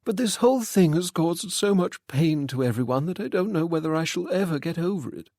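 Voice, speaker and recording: A man's voice: on the high side, expressive, a little fast, a little mellow, dry recording, clean studio sound, voice pushed up. A man voicing a middle-aged widowed society lady who speaks hesitantly and mournfully, in a storybook reading. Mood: anxious, sorrowful.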